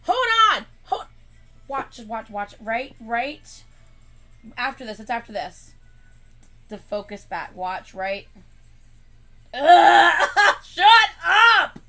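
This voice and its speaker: A woman co-hosting a casual reaction livestream, excitable, with loud exclamations and cursing. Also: fairly high pitch, takes it slowly, pauses often. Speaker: livestream co-host.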